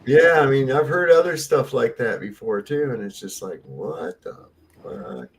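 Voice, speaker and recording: A man's voice: mid-range voice, animated, normal speed, slight background noise. Loose, profane male stream host. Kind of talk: casual chat.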